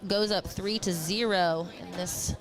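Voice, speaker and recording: A woman's voice: lowish voice, fairly even intonation. Give me a talkative woman doing casual livestream game commentary. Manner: chatty, giggly, quick to ramble. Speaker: cornhole commentator.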